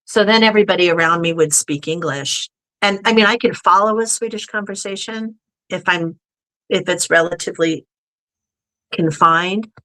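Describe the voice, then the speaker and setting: An American woman, a guest on a podcast, chats casually in a fairly low voice at a moderate pace, her delivery pushed and bright. She tells stories and acts out the people she quotes.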